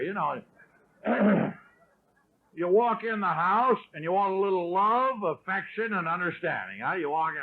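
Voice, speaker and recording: A middle-aged man telling his story at a recovery meeting, wry and self-mocking, often clearing his throat. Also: a little high. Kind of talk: storytelling talk. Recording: tinny lo-fi 1970s tape.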